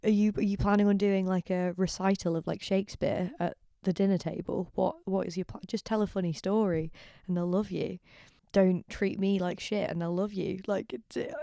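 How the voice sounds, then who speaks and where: A woman's voice: medium pitch, steady tone, moderate pace, gravelly, warm tone, no room sound, clean studio sound. A tipsy young woman hosting a casual solo podcast, rambling, sardonic and giggly. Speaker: podcast host.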